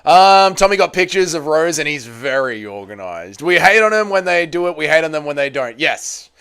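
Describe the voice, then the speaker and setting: Male streamer, fairly high, clean voice, crude joking chat host. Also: big pitch swings, normal speed, a bit bright, smooth. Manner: crude, teasing banter with frequent swearing. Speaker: livestream host. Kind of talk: casual watch-along chat, reading out viewer messages.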